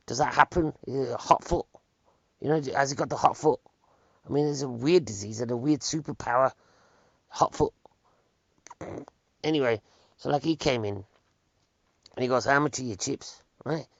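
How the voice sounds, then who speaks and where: Gravelly man telling comic stories. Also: mid-range voice, dry recording. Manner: wry, deadpan asides, rhetorical questions. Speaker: comedian. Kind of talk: rambling comic storytelling monologue. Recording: dull lo-fi recording, dry.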